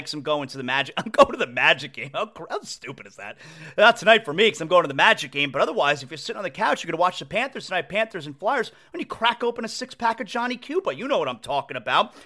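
His voice is a little high and quick. He runs a casual sports talk show out of his house, and in his excitement he keeps repeating himself and starting sentences over.

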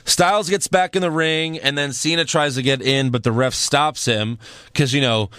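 A man's voice: on the high side, fairly even intonation, moderate pace, pushed and bright, clean tone, no room sound, studio quality. A man co-hosting a wrestling podcast, recapping shows in casual, sarcastic chat and often laughing.

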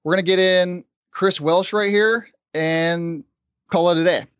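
A man's voice: sits high, steady tone, fairly bright tone, clean tone, no echo. Man, podcast host, casual sports talk, dry close sound. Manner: conversational, quick asides.

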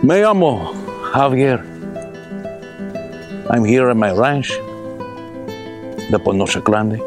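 A man's voice: medium pitch, sing-song. A man putting on a boastful rancher uncle. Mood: proud. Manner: slow, grandiose storytelling. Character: boastful older Mexican rancher uncle, folksy philosopher. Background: guitar music.

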